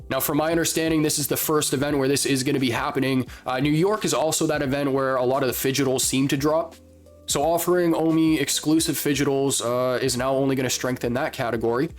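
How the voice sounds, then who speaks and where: A man hosting his channel, talking casually through news and his opinions, with frequent fillers and "okay?" asides. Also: mid-range voice. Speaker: channel host. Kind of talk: casual commentary to camera. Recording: faint background music.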